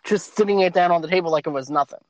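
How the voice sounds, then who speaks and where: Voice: mid-range voice, very fast, no room sound. Earnest co-host, dry muffled sound. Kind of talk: casual movie discussion.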